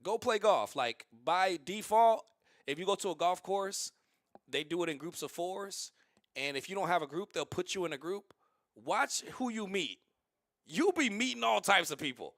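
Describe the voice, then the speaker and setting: A man streaming and telling stories in a casual, rambling, animated way, with many restarts. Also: high-pitched, moderate pace, dry recording, studio quality. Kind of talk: casual livestream storytelling.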